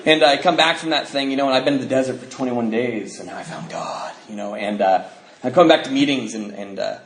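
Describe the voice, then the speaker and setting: A man's voice: medium pitch, fast talker. Joking man speaking in a roomy hall. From Bellingham, Washington. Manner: joking, self-mocking, with frequent fillers. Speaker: recovery speaker. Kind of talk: storytelling talk to a live audience. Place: convention hall before an audience. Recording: roomy hall, noisy live recording.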